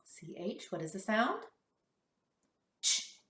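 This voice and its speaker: A woman teaching a kindergarten phonics lesson, sounding out letters slowly and cheering the children on. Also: medium pitch, reverberant. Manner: slow, exaggerated sound-by-sound modeling with lively praise.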